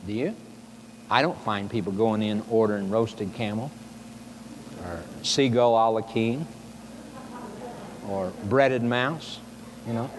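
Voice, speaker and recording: A man with a fairly low voice preaches a sermon at a moderate pace, explaining scripture and putting emphatic rhetorical questions to his listeners. The recording carries long hall reverb and faint noise.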